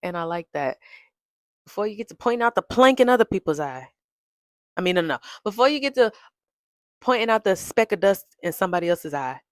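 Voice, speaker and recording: A woman's voice: mid-range voice, very animated, a little fast, long pauses, dry recording, clean studio sound. A young adult woman hosting her own podcast, talking in a chatty, playful way and laughing often. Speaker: podcast host. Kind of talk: casual chat.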